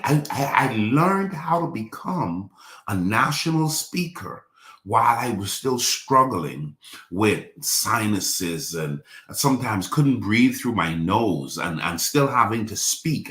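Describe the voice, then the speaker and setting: Low-voiced preacher in a roomy church. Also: male voice, animated, a little slow, pushed and bright. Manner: repetitive, call-and-response preaching. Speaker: pastor. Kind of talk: sermon.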